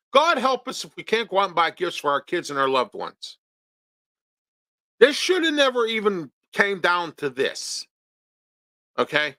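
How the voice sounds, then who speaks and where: A man hosts his own opinion show, his voice bright and pitched a little high. He rants, asks rhetorical questions and repeats himself. The studio sound is close and dry. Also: no echo. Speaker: talk show host.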